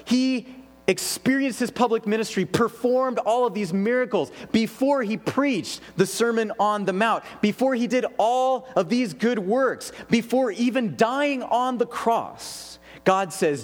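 A man preaching a sermon as pastor, earnest and emphatic, with pauses for weight. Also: very high voice, big-room sound. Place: church sanctuary.

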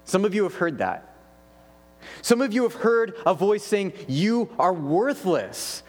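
A man preaching a sermon as pastor, earnest and emphatic, with pauses for weight. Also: sits high, big pitch swings, in a large hall. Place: church sanctuary.

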